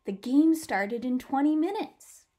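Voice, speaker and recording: A woman's voice: sits high, unhurried. Woman reading a children's picture book aloud. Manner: warm, expressive storytelling. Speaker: storybook reader.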